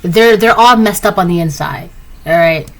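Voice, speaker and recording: A woman's voice: moderate pace, poor audio. A woman giving a casual tarot reading, rambling and chatty, with lots of "like" and "right?". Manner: acts out quoted lines in a higher voice. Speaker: tarot reader.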